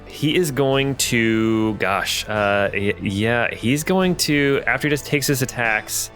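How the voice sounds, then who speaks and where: A man narrates a tabletop game as its game master. His voice sits at an ordinary pitch, and he thinks aloud, often stopping for an um or a restart. Faint music plays softly behind him. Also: expressive, slow.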